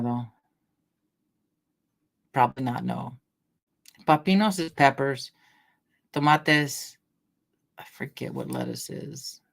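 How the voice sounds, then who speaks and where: A middle-aged woman from Washington State chats on a casual livestream, reading out names from the chat as she goes. Her voice sits low for a woman, and she rambles easily from one story to the next with frequent laughs. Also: vocal fry. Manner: chatty, rambling, laughs often, greets viewers by name. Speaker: livestream host. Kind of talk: casual chat with live chat readers.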